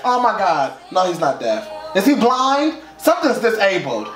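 A man's voice: high voice, very animated, a little slow, few pauses. Sassy man with a wildly swooping voice. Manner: flamboyant, sassy and profane, with gasps and squeals. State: emotional, near tears. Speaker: YouTuber reacting to a music video. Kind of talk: casual reaction commentary. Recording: echoey room with music playing behind.

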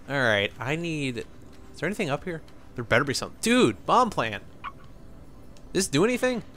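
A man's voice: fairly high pitch, sing-song, quick pace, fairly bright tone. A young man giving casual, rambling let's-play commentary, joking and laughing as he plays. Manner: rambling, jokey, laughs often.

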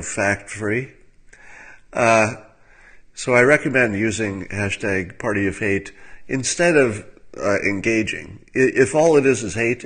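Male commentator, low-pitched, dry musing delivery, casual webcam talk. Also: husky. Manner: wry and musing, with filler words and soft laughs.

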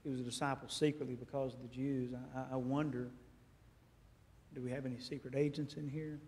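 A man preaching a sermon as a guest speaker, telling stories in a lively way and acting out dialogue in a church. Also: medium pitch, fairly quick, slight background noise. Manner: animated storytelling, acts out dialogue. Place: church sanctuary. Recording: echoey church hall.

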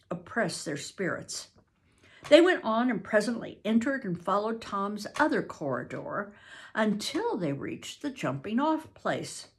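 An older woman reads a classic novel aloud, taking her time. Her pitch rises and falls in a lively storytelling way. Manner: slow, expressive storytelling. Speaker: reader.

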